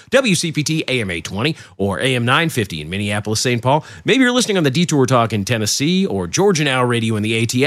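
A man's voice: medium pitch, no echo. A man hosting a casual political talk show, rambling and interrupting himself as he chats. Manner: lively, rambling, self-interrupting. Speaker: host. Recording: dry studio sound with faint music.

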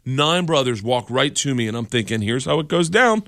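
A man's voice: mid-range voice, moderate pace, no room sound. A man, a comedian guest on a radio show, telling a long story, acting out voices and laughing as he goes. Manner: animated, acts out voices and laughs through the story.

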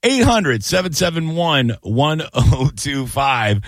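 A man's voice: on the high side, sing-song, slow pace, fairly bright tone, no room sound. A middle-aged man hosting a call-in radio show, chatting casually and joking, whining on purpose. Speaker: radio host and comedian.

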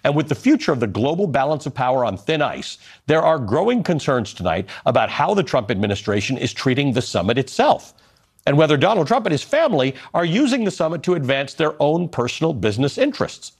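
A man's voice: a little high, fairly quick, husky. A man anchoring a cable news show, reading quoted editorials and questioning his panel. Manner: lively, quotes editorials then reacts with incredulity.

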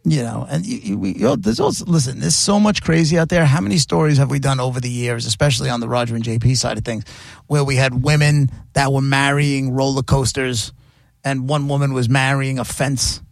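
A man's voice: mid-range voice, brisk, gravelly, dry recording, clean studio sound. A man hosting a radio show, chatting casually and jokily, rambling with frequent restarts. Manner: rambling, jokey, restarts often. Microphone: studio microphone.

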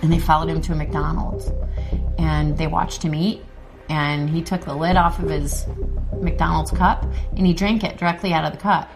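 A woman's voice: deep voice, fairly even intonation, normal speed, over music. A woman detective recalling a case in a casual interview. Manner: casual storytelling. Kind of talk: interview recollection.

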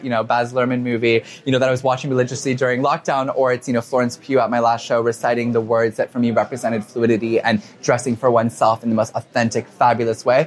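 Fast-talking young man, interviewed. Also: mid-range voice. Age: 20s. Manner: fast, emotional, many fillers and quoted asides. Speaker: fashion designer, interview guest. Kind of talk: interview answers.

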